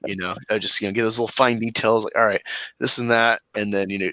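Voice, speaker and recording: A man's voice: fairly low pitch, steady tone, quick pace, pushed and bright, no room sound, low-quality recording. A man hosting a casual live stream, joking loosely and rambling with plenty of fillers. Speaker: host.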